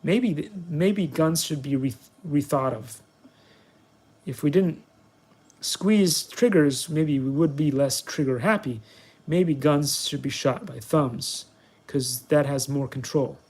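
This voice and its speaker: A man's voice: on the high side, takes it slowly, a little mellow, slightly rough. A man hosting his review vlog, chatting in a playful, self-mocking and rambling way while flying a toy. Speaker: product reviewer, channel host. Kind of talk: casual vlog commentary while playing.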